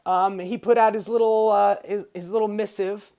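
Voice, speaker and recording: A woman's voice: medium pitch, fairly even intonation, normal speed, warm tone. A woman hosting her own political commentary show, ranting casually with sarcasm and swearing.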